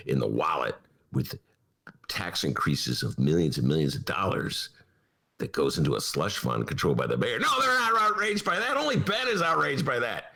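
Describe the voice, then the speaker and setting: A man's voice: sits low, creaky, bright, forceful tone. A man with a Chicago accent hosting a podcast, ranting with theatrical mock outrage about local politics. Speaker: podcast host. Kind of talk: comic political rant. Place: home studio.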